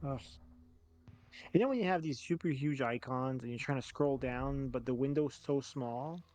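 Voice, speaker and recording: A man's voice: mid-range voice, moderate pace, darkish tone. A man acting as game master of an online tabletop game, laughing often and using lots of fillers.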